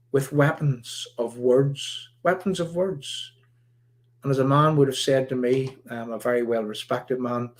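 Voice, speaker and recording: Male host, mid-pitched, emphatic and repetitive delivery with frequent pauses. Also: darkish tone. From Northern Ireland. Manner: emphatic, repetitive, halting with many uh's. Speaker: livestream host. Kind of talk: political commentary livestream.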